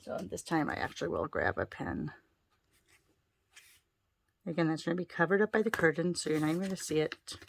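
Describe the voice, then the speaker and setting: A woman's voice: low-pitched, sing-song, brisk, gravelly, long pauses, a little hiss or hum. A woman giving a casual card-making tutorial, chatting her way through each step as she works.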